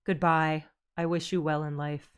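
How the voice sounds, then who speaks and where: A woman's voice: sits low, flat delivery, normal speed, smooth, lightly acted. A woman reading a resolute young game hero.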